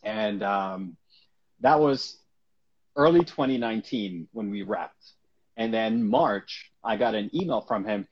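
A man's voice: lowish voice, slow, husky. A man, an actor, telling a story as a guest in a casual interview, laughing often and acting out the people he quotes. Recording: dull lo-fi recording.

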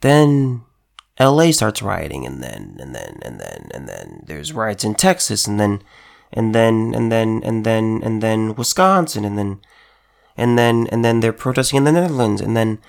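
This political commentator speaks at normal speed in a lowish voice with vocal fry and big pitch swings. His monologue is heated and emphatic, full of repeated phrases and halting restarts.

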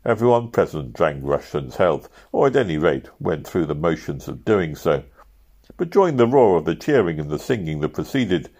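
A man narrating a novel aloud at a steady pace, lifting his voice for shouted quotes. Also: low voice, moderate pace, slightly rough. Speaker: audiobook reader.

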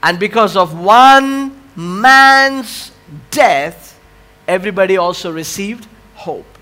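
A male pastor in full sermon mode, his voice pitched high and bright with a ringing edge. He takes his time, drawing the congregation in with questions and call-and-response, then swells into loud impassioned cries before dropping low and quiet again. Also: lively intonation, slow pace.

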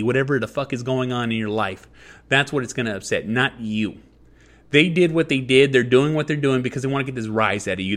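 A man's voice: mid-range voice, a bit bright. Emphatic swearing man giving advice. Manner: emphatic, heavy swearing, repetitive. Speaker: podcast host. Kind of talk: profane advice monologue.

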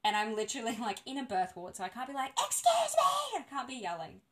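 A woman casually telling a birth story on a podcast, animated and laughing often. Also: a little high, fast talker, noisy background.

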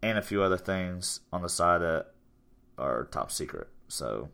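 A man's voice: sits low, animated, a little slow, vocal fry, sharp tone. A young man in his twenties, hosting a casual podcast chat about his gym, rambling and upbeat. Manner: rambling, upbeat, self-promoting. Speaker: podcast host and gym owner.

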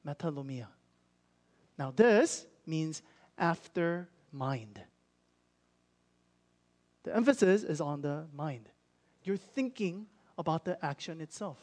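A man's voice: a little high, lively intonation, slow pace, pauses often, darkish tone. A young man preaching a sermon in an earnest, conversational way, acting out people's inner thoughts as he explains. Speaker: pastor.

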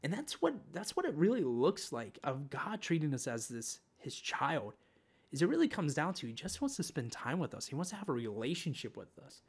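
A man telling a spiritual vision as a casual testimony, relaxed and conversational, with frequent fillers and restarts. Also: on the high side, moderate pace, husky. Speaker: Christian speaker sharing a spiritual vision.

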